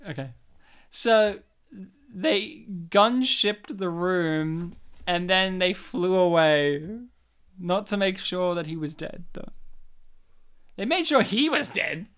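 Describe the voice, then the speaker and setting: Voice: medium pitch, lively intonation, slow, long pauses, a bit bright, smooth. A podcast co-host in casual chat, joking, teasing and swearing freely.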